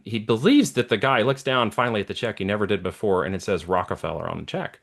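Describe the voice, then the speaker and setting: A middle-aged entrepreneur with a fairly low, somewhat bright voice speaks quickly and animatedly, with few pauses, as an interview guest. His motivational talk turns preachy, and he keeps checking in with "okay?" and "right?"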